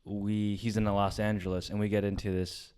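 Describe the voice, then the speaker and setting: Low, smooth-voiced man telling a story. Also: level tone, normal speed. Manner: storytelling, frequent swearing, trails off softly. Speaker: podcast co-host. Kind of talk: casual chat.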